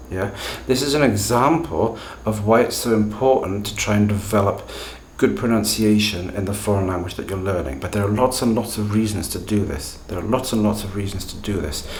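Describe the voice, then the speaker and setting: Male teacher, lowish voice, deliberate and emphatic, recorded in an echoey room. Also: a little hiss or hum. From Britain. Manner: deliberate, emphatic, tag questions. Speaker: language teacher, channel host. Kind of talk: explanatory video lesson.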